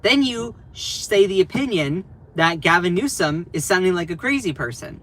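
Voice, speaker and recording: A man hosting a political commentary live stream, animated and sarcastic, laughing often as he talks. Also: high voice, moderate pace, few pauses, poor audio.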